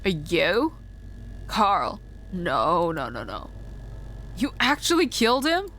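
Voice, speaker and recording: A woman's voice: lowish voice, wildly swooping pitch, slow, fairly bright tone, a little hiss or hum, exaggerated voice. A woman voicing an exasperated young heroine who reacts with indignant disbelief. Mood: shocked. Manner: indignant, incredulous.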